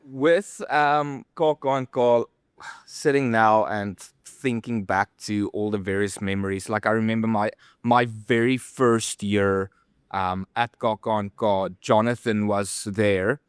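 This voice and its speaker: A man's voice: lowish voice, slow, clean tone, no room sound, studio quality. A young man telling rambling event-work stories in a casual podcast chat, with plenty of fillers. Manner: rambling, animated storytelling with many fillers. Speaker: podcast co-host.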